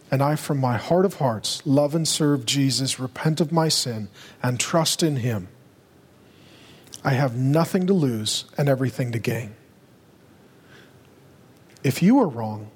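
A male pastor preaching a sermon with urgency, driving home his points and rising to loud, emphatic peaks. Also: medium pitch, husky. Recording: long reverb of a large hall.

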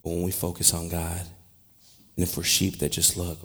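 A man preaching a sermon, dropping to quiet, conversational asides and then rising to loud, emphatic shouts, with laughter along the way. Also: low-pitched, moderate pace, husky. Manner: animated, with laughter and restarts. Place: church.

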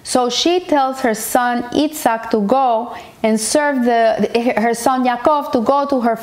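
High-voiced woman teaching a Torah story. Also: slow, a little mellow. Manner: earnest retelling, frequent restarts, Hebrew terms mixed in. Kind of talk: explaining a Torah portion as a story.

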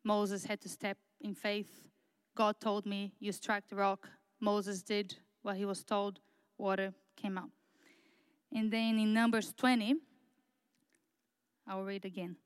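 A woman preaching a sermon in an earnest, halting way, repeating words and pausing on fillers as she builds her points. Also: medium pitch, little pitch movement, clean tone, dry recording, poor audio. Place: church.

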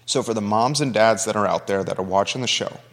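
An earnest male talk show host delivers a talk radio monologue in a lowish, fairly bright voice, speaking fast. He sounds emotional and conversational, and the recording is reverberant.

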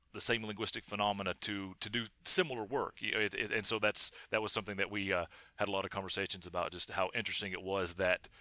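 Male linguist guest, very bright tone, halting delivery, dry close sound. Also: fairly low pitch, dry recording. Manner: halting, many restarts. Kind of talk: casual academic discussion.

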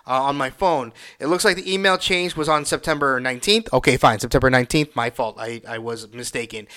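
A man's voice: fairly high pitch, bright, forceful tone, clean tone. A man hosting his own podcast, telling a profane, exasperated story and reading messages aloud. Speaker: podcast host. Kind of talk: casual solo rant.

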